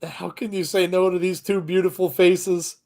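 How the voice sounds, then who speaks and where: A man co-hosting a live reaction commentary, excitable, laughing often and gushing with exclamations. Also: high voice, normal speed. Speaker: co-host of a wrestling watchalong.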